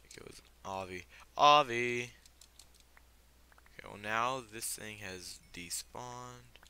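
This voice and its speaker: A man's voice: medium pitch, takes it slowly, bright, forceful tone, clear, resonant tone, no room sound. A young man giving casual, filler-heavy gameplay commentary, given to startled outbursts. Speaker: let's play gamer.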